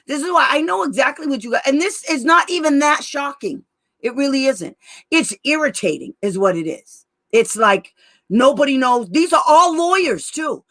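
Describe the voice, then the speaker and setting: A woman advocate talking casually with a slightly high voice. She rants bluntly and with exasperation. She stretches out key words to drive a point home. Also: fairly bright tone. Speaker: special education advocate. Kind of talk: casual online talk.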